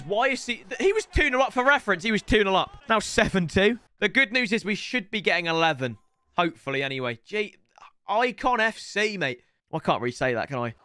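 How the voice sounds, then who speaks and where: Shouting at big moments and trash-talking his opponent, a young man streams excitable gameplay commentary in a high voice, speaking a little fast.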